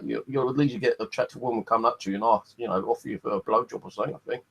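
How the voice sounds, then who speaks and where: A man's voice: mid-range voice, fairly even intonation, rapid-fire, vocal fry, hardly any pauses, fairly bright tone, husky. A man rambling in a casual vlog, swearing freely and padding his talk with fillers, hot and thirsty. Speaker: vlogger.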